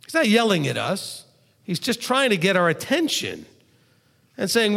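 A man preaching as a rabbi who gets loud to stress his points. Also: high voice, wildly swooping pitch, normal speed, gravelly, long reverb tail. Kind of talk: sermon.

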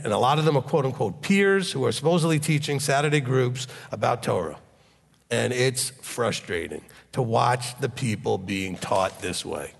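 A man preaching a sermon in a blunt, animated way and leading a closing prayer. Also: mid-range voice, gravelly, big-room sound. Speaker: pastor.

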